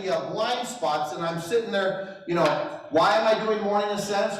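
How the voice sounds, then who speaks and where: A middle-aged man giving a motivational talk as a real estate trainer, telling stories with self-deprecating humor and chuckles. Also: sits high. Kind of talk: motivational storytelling speech. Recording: echoey hall, distant mic.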